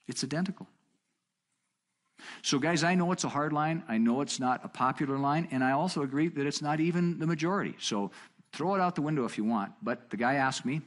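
A middle-aged man teaching a marriage seminar in a conversational way, telling a story with quoted dialogue and jumping up in pitch for emphasis. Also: breathy edge. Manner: animated, jumps up in pitch for emphasis.

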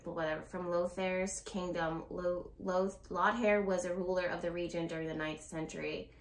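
A woman's voice: fairly low pitch, fairly even intonation, normal speed. A woman giving a casual tarot reading to her viewers. She talks in a rambling, blunt way, swears now and then, and laughs nervously. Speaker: tarot reader. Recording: roomy echo.

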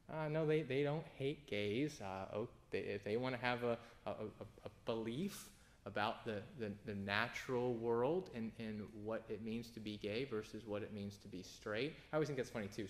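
Man preaching in a loose, animated way. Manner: informal, animated preaching with frequent restarts and sudden emphatic high bursts. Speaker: pastor. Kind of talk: conversational sermon.

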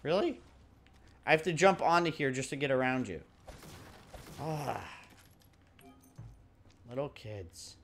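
Slow-talking joking gamer guy. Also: medium pitch, a bit bright, slight background noise. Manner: joking, swearing, laughing at the game. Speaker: let's play commentator. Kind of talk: casual gameplay commentary.

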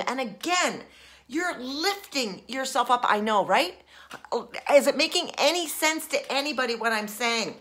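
A woman life coach in a how-to video, talking herself through feelings, shifting from quiet whispers to raging outbursts. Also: fairly high pitch, normal speed. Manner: expressive, swings from soft whispers to raging. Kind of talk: coaching video, acting out emotions.

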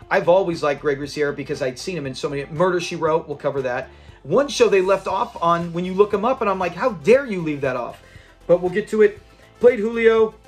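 A man hosting a fan channel, talking casually and with enthusiasm, rambling as he retells favorite scenes. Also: high voice. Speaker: host of a classic TV fan channel.

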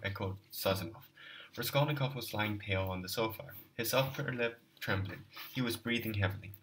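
A man reading a novel aloud in a steady, plain way. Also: fairly low pitch, a little fast, recorded from a distance, rough recording. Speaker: audiobook reader. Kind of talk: novel narration.

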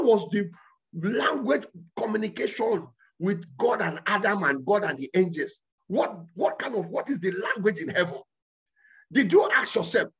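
A man preaching as a pastor, excitable, breaking into loud tongues and laughter. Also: high voice, moderate pace, husky. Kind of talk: sermon with speaking in tongues.

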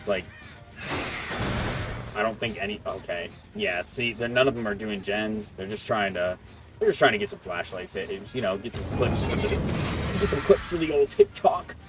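A man's voice: lowish voice, normal speed. A man giving casual gameplay commentary as a streamer, taunting and joking at the other players. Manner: trash-talking, taunting and joking at opponents. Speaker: gaming streamer. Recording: game music playing under the voice. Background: game music.

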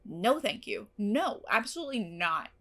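A young woman rambles through a casual review of a TV episode she loves. Her voice sits at an ordinary middle pitch for a woman. She gushes and swears freely and says "like" constantly. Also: sing-song, moderate pace, fairly bright tone. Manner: gushing and emotional, swears, many "like" fillers.

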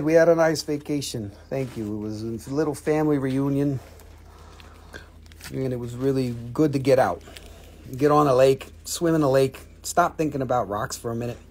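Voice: mid-range voice, a little mellow, breathy edge. A live-stream rock and mineral seller chatting casually, with joking, profane, rambling sales patter.

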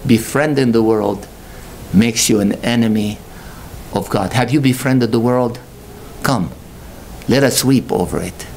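A male pastor delivering a sermon, questioning his congregation and rising to slow, emphatic peaks. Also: vocal fry, a little mellow, slight background noise. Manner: impassioned, swells to high emphatic peaks, slow drawn-out stresses; calls out rhetorical questions to the congregation.

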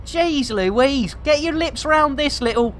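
A man's voice: very high-pitched, lively intonation, takes it slowly. A middle-aged British man giving chatty, exclamatory commentary on a live game stream, full of playful catchphrases. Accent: British English. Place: home room with air conditioning.

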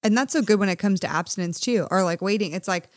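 A woman's voice: medium pitch, fast talker, no room sound, clean studio sound. A woman hosting a faith-based podcast, chatting enthusiastically and affirming her guests with frequent laughs. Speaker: podcast host.

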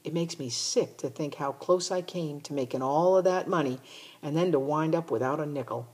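A woman's voice: deep voice, normal speed, a little mellow, slightly rough. A woman reading aloud, voicing a stubborn, defensive country boy in a storybook. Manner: defensive, exasperated.

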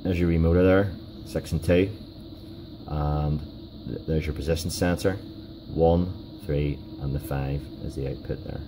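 Man, extremely deep voice, hesitant, lots of fillers, noisy workshop recording. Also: fairly even intonation. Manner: halting, with many fillers and restarts. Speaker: DIY car repair video host. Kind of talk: casual hands-on demonstration.

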